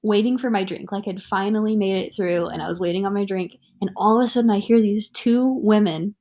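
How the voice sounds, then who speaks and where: A young woman of middling pitch co-hosting a casual podcast. She tells anecdotes frankly and laughs often as she goes. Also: steady tone, fairly quick, a little mellow. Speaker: podcast co-host. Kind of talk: casual chat.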